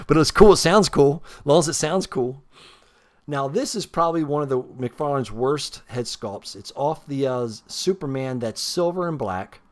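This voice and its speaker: A man telling a rambling, self-deprecating story full of swearing while he shows a custom figure he painted. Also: mid-range voice. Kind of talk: casual storytelling while showing his work.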